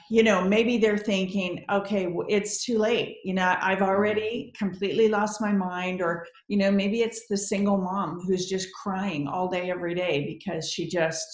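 A woman hosting an interview who asks questions earnestly, tripping over her words as she goes. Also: mid-range voice. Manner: earnest, stammering restarts. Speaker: host. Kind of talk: interview conversation. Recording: roomy echo.

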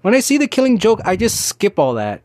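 A man in his thirties with a slightly high voice, talking on his own in a loose, rambling way. He drifts into annoyed rants and keeps restarting his sentences. The sound is close and dry, with no room echo. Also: huge pitch swings, brisk, a little mellow. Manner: rambling, ranting, with many restarts and fillers. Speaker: podcast host. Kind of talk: casual solo chat.

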